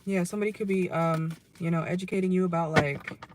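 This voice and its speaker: Hoarse, chatty tarot reader in a car. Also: medium pitch, steady tone, quick pace, background noise. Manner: chatty, ends phrases with a questioning "okay?". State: losing voice, hoarse. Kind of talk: casual tarot reading to viewers. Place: inside a car.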